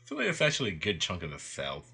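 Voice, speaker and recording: A man co-hosting a sports podcast in casual chat, easygoing and quick to laugh, with a husky voice. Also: sits low, wildly swooping pitch, bright, forceful tone. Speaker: podcast co-host.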